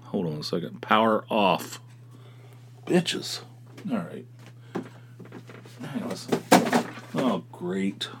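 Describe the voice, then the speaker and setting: A man's voice: deep voice, slow, long pauses, background noise. A man with a slight West Virginia accent, hosting a podcast in a rambling, wry, profane monologue. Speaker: podcast host. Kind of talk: casual monologue.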